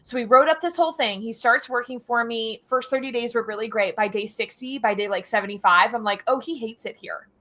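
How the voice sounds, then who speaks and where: A woman guest on an interview, an agency owner telling stories in a casual, animated and energetic way. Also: fairly high pitch, brisk, few pauses.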